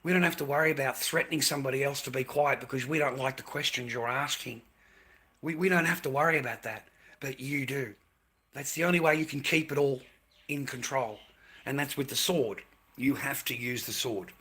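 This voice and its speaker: A man's voice: medium pitch, brisk, sharp tone, husky. Swearing Australian man ranting. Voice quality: crude, swearing, repeats himself. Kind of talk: profane rambling rant.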